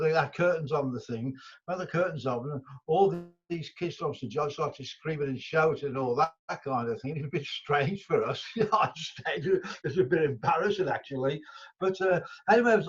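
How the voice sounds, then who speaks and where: An older man from England, telling stories in an interview, rambling with many restarts and fillers. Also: a little high. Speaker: guest musician. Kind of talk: casual interview storytelling. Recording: dull lo-fi audio.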